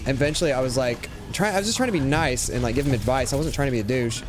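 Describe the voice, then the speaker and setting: A man's voice: mid-range voice, racing, background noise. A young man chatting casually while livestreaming a game, telling stories and mimicking chat users. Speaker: streamer.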